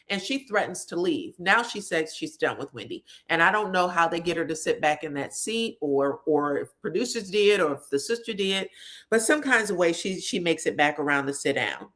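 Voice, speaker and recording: A woman's voice: lowish voice, expressive, moderate pace, fairly bright tone. Chatty woman recapping reality TV. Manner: chatty, conversational, asides to viewers. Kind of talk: casual recap commentary.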